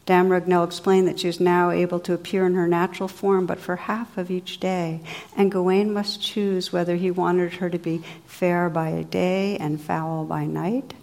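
A woman with a slightly low voice narrates a storybook tale. Her delivery is calm, even and descriptive. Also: moderate pace, gravelly.

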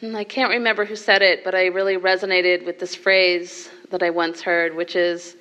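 A woman teaching as a meditation leader, giving a dharma talk to a group in a measured way, with soft laughs and asides of "right?". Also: on the low side, little pitch movement.

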